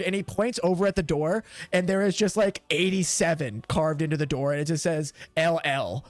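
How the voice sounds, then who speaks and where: A man narrating as game master of a tabletop game, animated and rambling. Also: on the high side, moderate pace, few pauses, no echo, soft background music.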